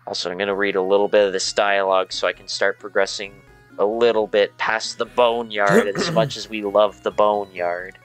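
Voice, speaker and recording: A Canadian man streaming a game, chatting in a relaxed, dry way. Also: lowish voice, normal speed, soft background music, rough recording. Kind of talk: casual chat while gaming.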